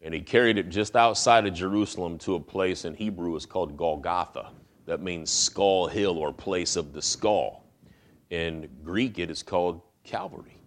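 A male pastor preaching a sermon in a folksy, conversational manner. His voice sits low, and he often repeats words as he builds toward a point. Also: normal speed.

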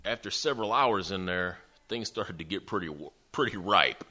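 A pastor preaching a sermon with folksy, emphatic storytelling. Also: male voice, deep voice, animated, moderate pace, pushed and bright.

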